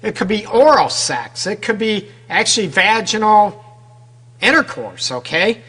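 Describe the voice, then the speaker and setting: His voice sits high, pushed, bright and husky, very animated yet measured in pace. This man hosts a radio advice show as a relationship counselor, addressing women listeners conversationally with frequent rhetorical questions and a recurring "right?"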